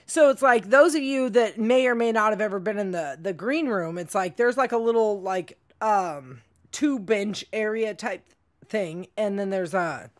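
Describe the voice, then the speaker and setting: A woman's voice: medium pitch, normal speed. A woman stand-up comedian telling a story as a podcast guest, in a blunt, profane way. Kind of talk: casual storytelling.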